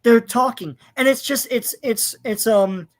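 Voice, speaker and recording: A man's voice: extremely high pitch, measured pace. A man co-hosting a casual podcast, opinionated and rambling with many fillers, swearing in his rants. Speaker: podcast co-host. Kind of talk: casual chat.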